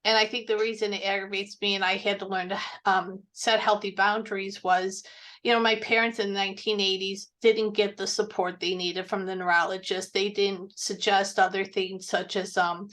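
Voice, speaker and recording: A woman's voice: medium pitch, level tone, moderate pace, fairly bright tone. A woman in her forties, a podcast guest, talking candidly about her own experience in a casual chat. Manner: candid, speaks from personal experience.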